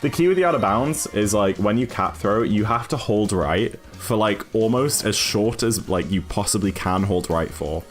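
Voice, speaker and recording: A man's voice: fairly low pitch, expressive, moderate pace, few pauses, soft background music. A British man chatting casually with his live-stream chat while speedrunning a game. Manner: chatty, apologetic, reads chat aloud.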